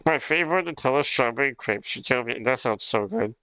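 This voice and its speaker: A man's voice: medium pitch, lively intonation, brisk, bright, forceful tone, clear, resonant tone, no room sound. A young man livestreaming in casual chat, rambling and swearing with frequent laughs. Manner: rambling, profane, laughs often.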